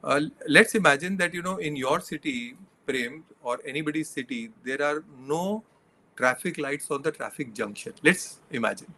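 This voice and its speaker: A man's voice: a little high, moderate pace, sharp tone, a little hiss or hum. A middle-aged man, a leadership coach, giving earnest interview answers that he builds from examples and numbered points.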